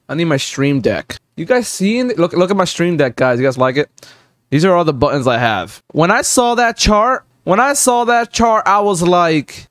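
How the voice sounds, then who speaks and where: A man streaming a reaction video, loud and profane, swinging between shouting and muttering. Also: fairly high pitch, big pitch swings, moderate pace, no room sound. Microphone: desk mic, no headphones.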